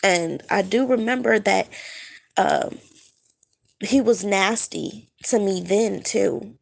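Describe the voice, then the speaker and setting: Woman, fresh out of bed, recounting a dream, searching for words, slow, gravelly fry. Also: mid-range voice. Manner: halting, searching for words, many fillers. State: just woken up. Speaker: spiritual vlogger. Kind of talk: casual monologue recounting a dream.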